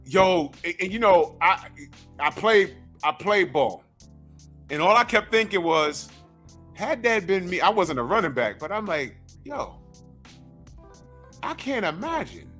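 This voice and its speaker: A man hosting a casual film podcast, talking excitedly with slang. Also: high-pitched, a little slow, long pauses, soft background music. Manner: excitable, lively slang-filled talk. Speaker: podcast host.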